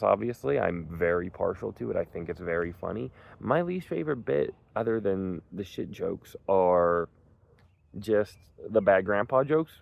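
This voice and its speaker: A young man with a very deep voice and a gravelly fry runs through a movie review. He talks in loose, rambling bursts, leaning on "like" and "um" and cursing casually. The sound is close and dry, with no room around him. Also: dry recording, phone-quality sound. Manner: rambling, enthusiastic, lots of "like" and "um", swears freely. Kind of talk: casual spoken film review.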